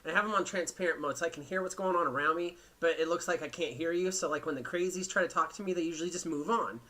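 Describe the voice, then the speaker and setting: A man's voice: a little high, fast talker, sharp tone. A man hosting a podcast, telling a rambling, profane story in casual chat. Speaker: podcast host.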